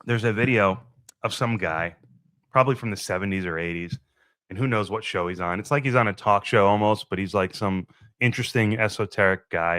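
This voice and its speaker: A man's voice: low-pitched, fairly bright tone, clear, resonant tone, no room sound. A man hosting his own podcast, musing and rambling in a casual solo monologue and swearing freely. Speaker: podcast host.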